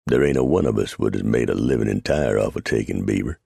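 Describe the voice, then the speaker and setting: A man voicing a grizzled, dry-humored male mountain man with an unhurried frontier drawl, read as an audiobook. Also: extremely low pitch, creaky, dark tone, dry recording, exaggerated voice.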